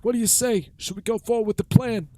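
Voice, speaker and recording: A man putting on a high, scheming old man voice to read out a game character's lines. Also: fairly even intonation, fast talker, mellow, dry recording, close to an everyday voice. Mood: scheming, gleeful. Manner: raised wavering put-on old man voice. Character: scheming old man pitching endless sequels.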